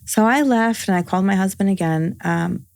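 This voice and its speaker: A woman's voice: mid-range voice, moderate pace, vocal fry, a little mellow, no room sound, clean studio sound. A woman in her forties, a podcast guest telling a personal story in casual conversation, earnest and full of reported dialogue. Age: 40s.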